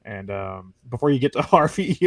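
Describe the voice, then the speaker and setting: A man's voice: mid-range voice, expressive, normal speed, dry recording. A man hosting a casual gaming podcast, telling stories animatedly and laughing often. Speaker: podcast host. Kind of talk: casual chat.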